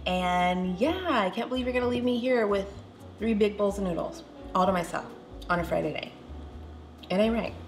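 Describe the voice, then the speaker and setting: A young woman hosting a casual cooking vlog, chatting warmly as she cooks and tastes food with bubbly enthusiasm. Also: mid-range voice, normal speed, long pauses, faint music behind. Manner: bubbly, enthusiastic, tasting aloud. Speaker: cooking vlogger.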